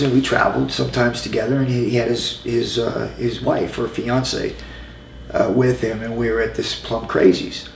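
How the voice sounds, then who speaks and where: A middle-aged man telling an anecdote as an interview guest, in a loose, halting way with lots of "you know" asides. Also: medium pitch, gravelly. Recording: roomy with faint ambient noise.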